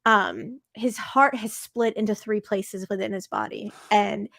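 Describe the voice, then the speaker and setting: A woman chatting as a guest on a podcast, telling stories in a gushing, animated way with many restarts. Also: medium pitch, measured pace, creaky, no room sound, studio quality. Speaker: podcast guest, fellow show host. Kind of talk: casual conversation.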